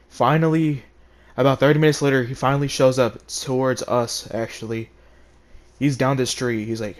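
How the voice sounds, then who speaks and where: A man's voice: mid-range voice, steady tone, normal speed. A teenage boy telling a story-time tale in a rambling, profane way, full of "like" and "right". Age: teens. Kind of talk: casual story time vlog.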